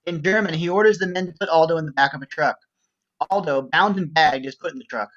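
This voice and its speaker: A man reading stage directions in an even, measured way for a script reading. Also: fairly high pitch, lo-fi sound.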